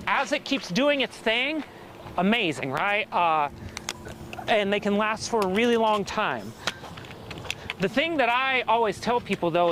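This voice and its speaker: Breathless male storm chaser, eager explainer, slightly high voice. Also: background noise. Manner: excited, rambling explanations with laughs. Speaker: storm chaser streaming live. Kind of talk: live-stream explaining weather. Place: in and around a car outdoors during a storm.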